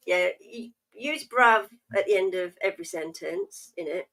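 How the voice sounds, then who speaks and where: A woman's voice: lowish voice, measured pace, few pauses, fairly bright tone. An Englishwoman hosting a livestream, chatting casually and teasing playfully with slang. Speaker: livestream host.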